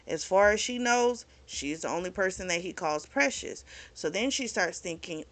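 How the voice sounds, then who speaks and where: This book club vlog host has a mid-range, slightly bright voice and a moderate pace. She gives a casual, blunt recap of a novel's plot, sprinkled with swearing and "like."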